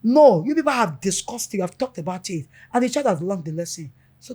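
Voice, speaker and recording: A woman's voice: mid-range voice, a little fast, slightly rough. A middle-aged woman, a mother speaking as a guest in an interview and animatedly acting out conversations with her children. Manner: animated, acts out family dialogue in quotes.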